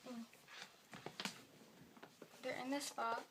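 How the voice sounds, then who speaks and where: A woman talking in a personal vlog at home, rambling softly and sometimes dropping into a whisper. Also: high-pitched, little pitch movement, drawn-out words, heavy background noise. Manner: soft-spoken, rambling, drops into whispers. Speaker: vlogger.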